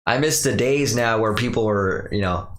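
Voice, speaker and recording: Podcast host, young man, lowish voice, casual rambling rant, recorded in an echoey room. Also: moderate pace. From Pacific Northwest. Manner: casual, rambling, mimics other people's voices in quotes.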